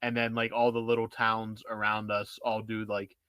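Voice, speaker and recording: Thirties male co-host, bright tense voice, loose filler-heavy chat, dry. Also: fairly low pitch, completely flat delivery, moderate pace, clean tone, dry recording. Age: 30s. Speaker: podcast co-host. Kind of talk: casual sports podcast chat.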